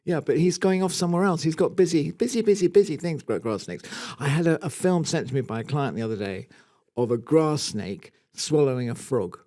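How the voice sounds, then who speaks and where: A man's voice: on the high side, animated, fairly quick, warm tone. A man with a Scottish accent co-hosting a gardening podcast, chatting casually, with asides and restarts. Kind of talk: casual chat.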